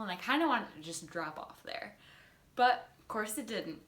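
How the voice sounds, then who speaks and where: A woman's voice: mid-range voice, expressive, normal speed, a bit bright. A young woman vlogger telling a story in a rambling, giggly way, full of fillers and restarts, while stoned. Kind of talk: casual storytime monologue. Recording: roomy echo.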